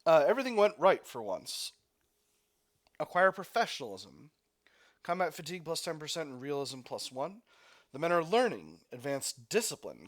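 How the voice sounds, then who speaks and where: A man giving casual gameplay commentary, thinking aloud, laughing easily and stumbling over his words. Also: mid-range voice. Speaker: let's play host.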